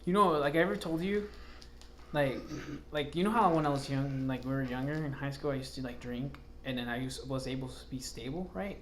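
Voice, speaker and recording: A man's voice: medium pitch, brisk. A man co-hosts a laid-back podcast, rambling through a story with lots of "like" and restarts. His speech is loose and profane. Faint background noise runs under his voice. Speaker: podcast co-host. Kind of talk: casual chat.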